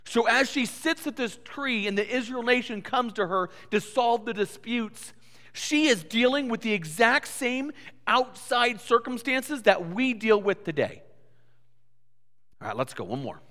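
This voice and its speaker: A man preaching a sermon in a church, telling stories in an animated way and often repeating his words. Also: extremely high pitch, unhurried. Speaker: pastor. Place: church sanctuary. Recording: reverberant church hall.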